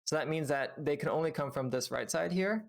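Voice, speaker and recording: Gravelly male game coach explaining. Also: fairly high pitch, fairly quick. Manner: patient, explanatory, many fillers. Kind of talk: reviewing gameplay with a student on stream.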